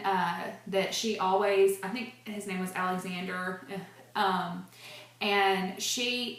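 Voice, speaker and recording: A woman's voice: mid-range voice, a bit bright. Earnest woman reviewing a book, echoey room. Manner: earnest, gushing, many fillers and restarts.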